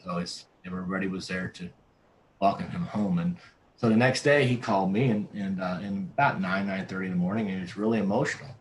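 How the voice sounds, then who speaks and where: Brief: male pastor as guest, very low voice, earnest storyteller, keeps restarting lines. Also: fairly even intonation, quick pace, slight background noise, low-quality recording. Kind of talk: storytelling in a conversational interview.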